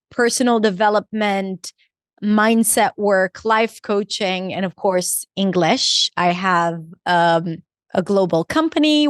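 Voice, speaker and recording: A woman's voice: mid-range voice, no room sound. Articulate Israeli-born woman teacher, dry. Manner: articulate, deliberate, stretches key words. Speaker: English teacher, guest. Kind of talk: podcast interview answer.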